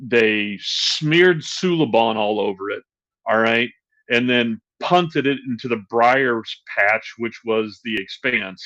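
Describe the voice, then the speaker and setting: Animated man ranting on a podcast. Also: medium pitch, slow pace. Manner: animated, exasperated ranting with laughs. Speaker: podcast co-host. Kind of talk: casual chat. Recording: dull lo-fi sound.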